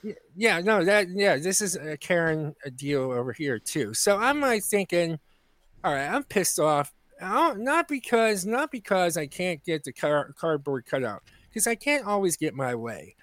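Podcast co-host, man, high voice, animated and indignant storytelling, dry close mic. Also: moderate pace, hardly any pauses, no room sound. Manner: animated storytelling, indignant, acts out quoted people. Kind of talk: casual comedic chat.

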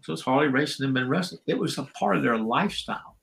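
An older man, a former wrestler and referee, is the guest in a casual interview, telling chatty stories, laughing often and acting out what people said. His mid-range voice is gravelly, expressive, fairly bright and quick. The recording is rough.

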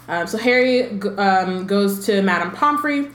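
A woman's voice: medium pitch, animated, measured pace, few pauses, fairly bright tone. Chatty woman podcaster in an echoey room. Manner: chatty, many "like" and "um" fillers, playful asides. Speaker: podcast co-host. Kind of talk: casual book-club chat, reading passages aloud.

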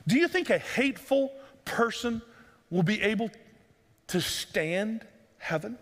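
High-voiced man preaching in a reverberant sanctuary. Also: animated, a little slow, a bit bright. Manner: earnest, pleading, asks repeated rhetorical questions. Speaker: pastor. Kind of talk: sermon. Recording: long reverb of a large room.

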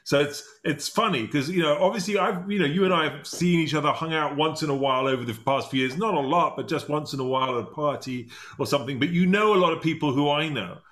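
A man's voice: a little high, quick pace, hardly any pauses, fairly bright tone. Rambling middle-aged male interview host. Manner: rambling, many restarts and fillers. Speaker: podcast host. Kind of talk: casual interview chat.

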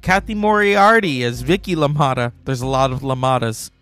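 A man's voice: medium pitch, normal speed, a bit bright, soft background music. A male podcast host giving casual film commentary in a rambling, chatty way.

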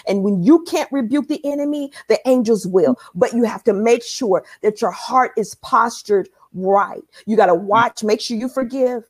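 A woman's voice: fairly high pitch, dry recording, clean studio sound. A woman sharing an emotional faith testimony in a conversation, speaking emphatically.

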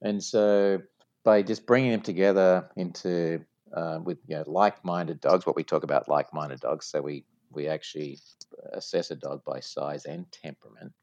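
A man's voice: low voice, steady tone, normal speed, a little mellow, no echo, highs cut off. A man with a non-American accent, a business guest explaining his company in an interview, telling stories with examples. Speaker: franchise executive guest.

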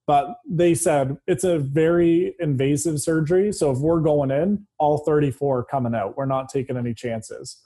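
Candid man, mellow voice. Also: on the high side, normal speed, few pauses, husky. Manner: open, candid, matter-of-fact with dark humor. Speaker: guest. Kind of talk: casual conversation.

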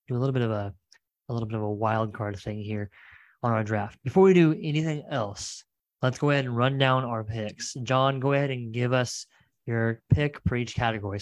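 A man's voice: medium pitch, dry recording. A man hosting a podcast in casual chat, rambling and correcting himself as he goes. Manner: rambling, self-correcting, laid-back. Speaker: podcast host.

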